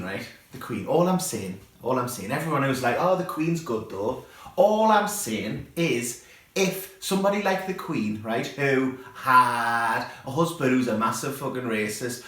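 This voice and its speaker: A man's voice: mid-range voice, a bit bright. A man rants through a stand-up comedy bit, sweary and conversational. His mid-range voice rings out in a heavily echoing room. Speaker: comedy show presenter. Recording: very echoey room.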